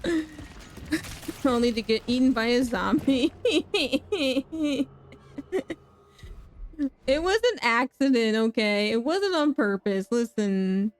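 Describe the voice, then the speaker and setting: Streamer, young woman, fairly high voice, jumpy, laughs a lot, yells at her character. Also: takes it slowly, long pauses. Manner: excitable, laughing, shrieks at in-game danger; talks to chat, self-mocking. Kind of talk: live gameplay commentary.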